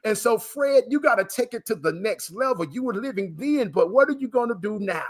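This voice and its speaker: A man's voice: high-pitched, expressive, brisk. A man being interviewed on a live video broadcast, talking emotionally and in a preacher-like way, with many fillers and repeated words. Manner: emphatic and preacher-like, calling the listener "man". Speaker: guest, transplant recipient and coach. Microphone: live video call broadcast.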